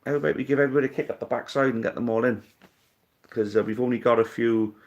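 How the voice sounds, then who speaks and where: A man in his thirties hosts a live stream, casually reading viewer comments and answering in a laid-back, blunt, jokey way, swearing freely. His mid-range voice is steady and fast, with lo-fi sound.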